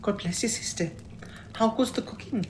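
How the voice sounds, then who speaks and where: A woman's voice: a little high, moderate pace, darkish tone, slight background noise, pitched above the performer's own voice, natural voice. A woman voicing a polite, curious young woman in a game. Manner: polite, inquisitive.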